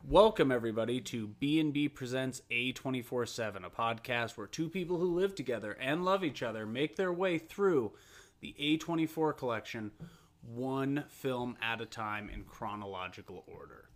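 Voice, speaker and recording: A man's voice: mid-range voice, animated, moderate pace. Pedantic male podcast co-host. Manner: pedantic, correcting. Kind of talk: casual chat.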